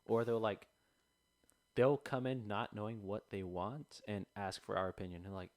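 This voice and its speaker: This is a young man in casual podcast chat, telling a lively story and acting out the people in it. His voice sits a bit low, and the recording is close and dry with no room sound. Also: normal speed, dry recording. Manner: animated storytelling, acts out customers. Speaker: podcast co-host. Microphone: close podcast mic.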